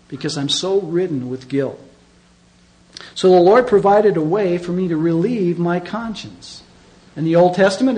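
A man's voice: on the high side, darkish tone, rough recording. A middle-aged man preaching a sermon as pastor, conversational and emphatic, often asking his listeners questions.

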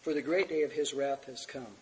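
A man's voice: medium pitch, fairly quick, darkish tone, poor audio. A middle-aged male pastor teaching a sermon with earnest scripture reading while fighting a cold and coughing. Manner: earnest, reads scripture aloud.

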